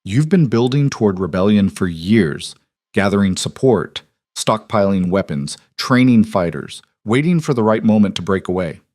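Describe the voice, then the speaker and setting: A man's voice: fairly low pitch, expressive, normal speed, darkish tone, no room sound, clean studio sound. A man voicing a defiant young woman, a cast-out wolf queen, who speaks in a cool, level, unyielding way. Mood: steely.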